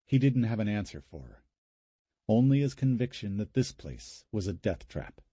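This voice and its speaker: In a dry recording, a male audiobook narrator tells the story in a measured, even way. His voice is low, dark, and husky, and the narration is scripted.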